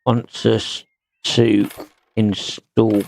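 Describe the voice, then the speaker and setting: Slow, gravelly man muttering through a game. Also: lowish voice, level tone, a little mellow. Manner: slow, muttering to himself while working. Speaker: streamer. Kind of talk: casual gameplay commentary.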